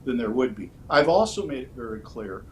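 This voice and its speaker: A man in a candidate interview who answers in a measured, orderly way, often pausing on "uh" between points. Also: mid-range voice, expressive, slight background noise, rough recording. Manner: measured, orderly, with frequent "uh" fillers. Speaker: political candidate.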